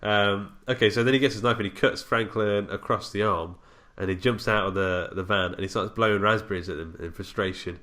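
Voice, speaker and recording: A man's voice: fairly low pitch, fairly even intonation, brisk, hardly any pauses, bright, forceful tone. A man co-hosting a podcast, chatting casually and rambling about a film, laughing often. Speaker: podcast co-host.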